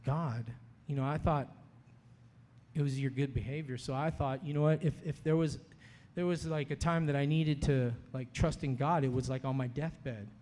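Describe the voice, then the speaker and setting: A man giving an animated personal testimony, storytelling and acting out the voices of people he quotes. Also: fairly high pitch, normal speed. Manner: storytelling, acts out quoted voices, laughs often. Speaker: speaker sharing his testimony. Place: conference hall. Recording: long hall reverb.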